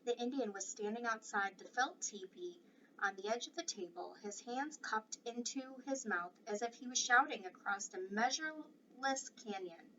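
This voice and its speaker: Bright-voiced woman reading a storybook. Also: a little high, moderate pace. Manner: expressive, varied reading. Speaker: reader. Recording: distant dull mic with faint noise.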